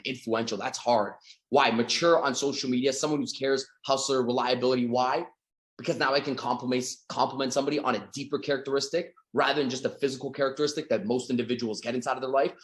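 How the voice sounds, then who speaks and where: A man giving an energetic motivational sales training talk as a coach, acting out little scenes. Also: mid-range voice. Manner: energetic, acts out little scenes with quoted voices.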